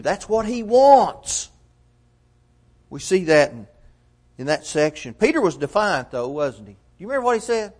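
A man's voice: sits high, expressive, normal speed, a little mellow. A man preaching a sermon in a church, telling a Bible story and quoting its figures with rising emphasis.

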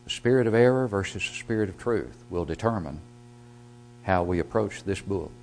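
Male preacher with a lowish voice, explaining scripture and swinging between hushed and loud delivery. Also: lively intonation, moderate pace, a little hiss or hum. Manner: swings from quiet, low passages to loud emphatic rises; reads scripture aloud and explains it. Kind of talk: sermon.

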